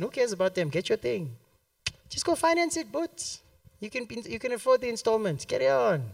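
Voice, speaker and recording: During a church service, a man with a high, gravelly voice preaches, animatedly recounting a story, voicing its quotes and laughing frequently. There's no room sound, and the mic sits at a distance.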